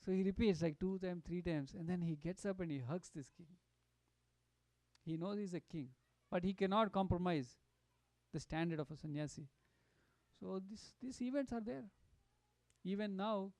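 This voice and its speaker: Animated man telling sacred stories. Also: a little high, dry recording. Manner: animated, acts out quotes, many fillers and restarts. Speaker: satsang speaker. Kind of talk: devotional storytelling talk.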